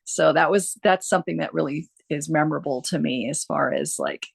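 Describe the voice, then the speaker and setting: A woman's voice: sits low, huge pitch swings, brisk, creaky, breathy edge. A woman who works as a hospice nurse, telling stories earnestly in a casual interview, with frequent restarts and fillers.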